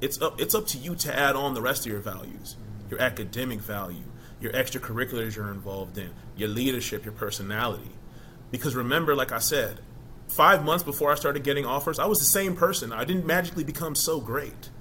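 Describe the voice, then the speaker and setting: A middle-aged man, a former college football player, talking casually in an interview as an animated storyteller who keeps asking "you know?". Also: medium pitch, a little fast, a little hiss or hum.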